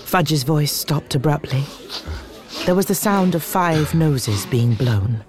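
A narrator tells the story in a steady, measured voice, neither high nor low. Clear background music runs beneath the narration. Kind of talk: scripted narration.

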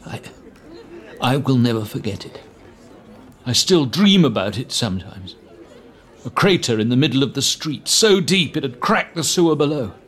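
An actor playing a fussy, self-important middle-aged government minister recounting events earnestly. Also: male voice, medium pitch, sing-song, normal speed, pauses often, fairly bright tone, slightly rough, some chatter behind. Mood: grave.

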